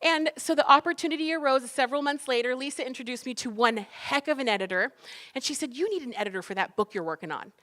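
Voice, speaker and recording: High bright-voiced woman telling stories. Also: fast talker. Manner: animated, acts out dialogue with laughs. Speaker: cookbook author and speaker. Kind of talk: motivational storytelling talk.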